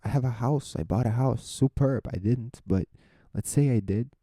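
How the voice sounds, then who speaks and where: Earnest man with a dark, mellow voice. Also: medium pitch, moderate pace, no echo. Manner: earnest, rhetorical questions, restarts phrases. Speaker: podcast host. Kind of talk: reflective solo monologue.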